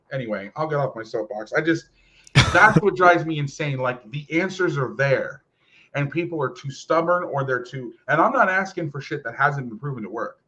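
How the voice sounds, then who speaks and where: A man hosting a football talk show, ranting casually and profanely about coaching. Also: medium pitch. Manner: animated, profane, fast ranting. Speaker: football podcast host and coach. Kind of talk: casual rant. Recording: lo-fi muffled audio.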